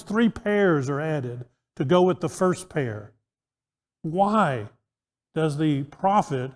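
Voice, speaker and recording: A man's voice: fairly high pitch, darkish tone. A man teaching an interactive Bible class in a conversational way, asking his listeners questions and often restarting his sentences. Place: church auditorium. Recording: echoey church hall.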